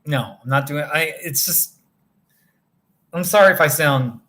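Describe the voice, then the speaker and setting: A tired man hosts a casual livestream from a motel room, rambling as he reads the chat and greets viewers by name. His voice is a little high and pushed, bright in tone, and he speaks a little slowly.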